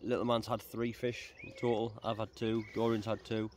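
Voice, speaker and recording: A man hosting a casual fishing vlog by a reservoir, talking in a relaxed, chatty way. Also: lowish voice, moderate pace. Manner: chatty, relaxed, repeats words. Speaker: angler and channel host. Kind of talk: casual outdoor vlog chat. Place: outdoors by a reservoir. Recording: faint outdoor noise. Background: birds and rural ambience.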